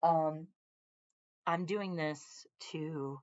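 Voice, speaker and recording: A woman's voice: deep voice, a little slow, a bit bright, highs cut off. A woman, a veteran, chatting casually on a home live stream from her living room, rambling and drifting off on tangents. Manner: rambling, easily sidetracked, talks to her dogs and viewers. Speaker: vlogger, military veteran.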